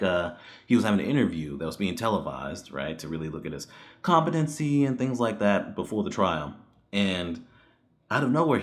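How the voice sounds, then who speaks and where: A man with a fairly low voice talks through a movie review in a loose, conversational way. He is animated and exasperated, swears freely and breaks into laughter often. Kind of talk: casual spoken movie review.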